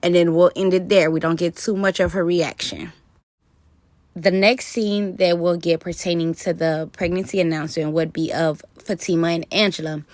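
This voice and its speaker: A woman rambles casually about a TV show in a commentary vlog, using lots of fillers as she works through her thoughts. Her voice is on the low side, with no echo.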